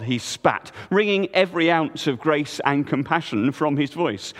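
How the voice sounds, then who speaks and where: A man's voice: fairly high pitch, lively intonation. Man preaching in an echoey hall. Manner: vivid, measured storytelling with dropping asides. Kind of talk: sermon with dramatic storytelling.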